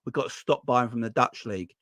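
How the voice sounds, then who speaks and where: A man hosting a football fan channel, talking in an excitable, exasperated rant with plenty of swearing. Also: medium pitch, fast talker, no echo, studio quality. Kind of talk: ranting casual vlog talk.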